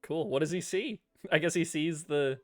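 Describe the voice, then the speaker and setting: A man's voice: on the high side, normal speed, dry recording, studio quality, faint music behind. A laid-back man who laughs often, running a tabletop game as game master. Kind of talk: casual game narration.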